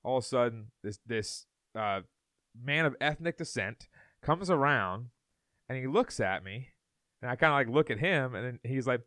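A man co-hosts a podcast in easygoing chat, spinning a rambling anecdote full of stammers and restarts and breaking into laughter along the way. His voice sits at a middle pitch. The recording is dry and close, with no room sound. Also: lively intonation, normal speed, a bit bright, dry recording. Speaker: podcast co-host. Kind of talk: casual chat.

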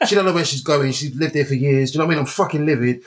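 A man's voice: fairly high pitch, racing. A man, a former fighter who is a podcast guest, telling stories in casual chat with a lot of swearing. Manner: animated, profane, often acts out others' lines.

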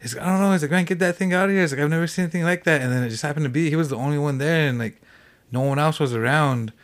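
A man as a podcast guest, telling a hunting story in a rambling way, full of "like" fillers. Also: fairly high pitch. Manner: fast rambling with many "like" fillers. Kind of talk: casual storytelling.

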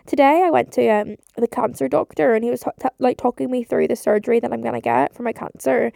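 Gravelly-voiced young woman rambling from bed. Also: on the high side, fairly even intonation, fast talker, warm tone, no echo, studio quality. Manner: rambling, swears freely, many fillers. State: drowsy, recovering from surgery. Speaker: podcast host. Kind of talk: casual voice-note chat. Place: bedroom, lying in bed. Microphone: phone voice note.

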